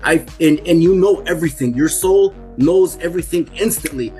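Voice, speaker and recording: A man's voice: fairly high pitch, normal speed, warm tone, faint music behind. A man in his forties giving an earnest, emphatic first-person testimony and repeating key phrases for weight. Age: 40s. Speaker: guest telling a personal testimony.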